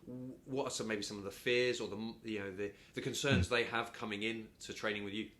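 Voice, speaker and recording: A man's voice: fairly low pitch, fairly even intonation, a bit bright. A male interviewer asking questions in a casual conversation, often repeating words as he frames them. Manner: halting, repeats words while forming questions.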